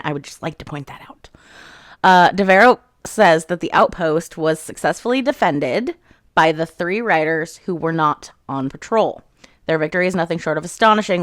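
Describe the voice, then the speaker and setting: A woman with a slightly low voice talks through a fantasy novel chapter by chapter. She tosses in sarcastic asides and briefly acts out the characters' lines. The sound is dry, with no room echo. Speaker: book reviewer. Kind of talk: casual chapter-by-chapter book recap.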